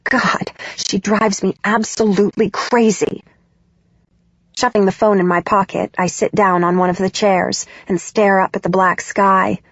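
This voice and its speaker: A woman reading a novel aloud in the first person, expressive and emotional in the dialogue. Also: medium pitch, measured pace, no echo, lo-fi sound. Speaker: audiobook narrator.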